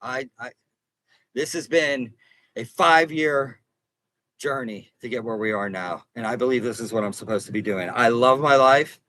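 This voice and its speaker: A man's voice: medium pitch, normal speed, a bit bright, low-quality recording. A man hosting a casual livestream from inside an RV, talking earnestly to viewers in a rambling way, repeating and restarting phrases. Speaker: livestream host and consumer advocate.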